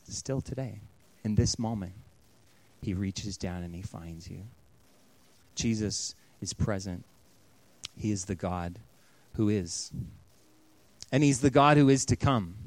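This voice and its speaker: A man in his thirties, a pastor giving an earnest storytelling sermon that often drops to a hush. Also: lowish voice, slow pace, pauses often.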